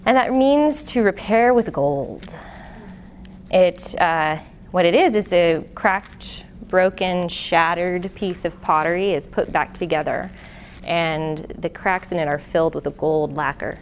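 Earnest woman in her late twenties, low-pitched. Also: measured pace, a little hiss or hum. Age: late 20s. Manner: earnest and conversational, with many fillers and restarts. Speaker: lay speaker giving a testimony teaching. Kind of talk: personal testimony talk to a church audience. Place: live venue before an audience. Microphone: handheld or stand microphone.

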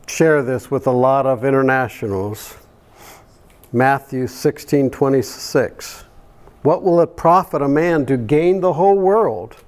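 Older male preacher, unhurried storytelling sermon with soft chuckles, mid-range voice. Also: medium pitch. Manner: homely anecdotes with frequent soft chuckles.

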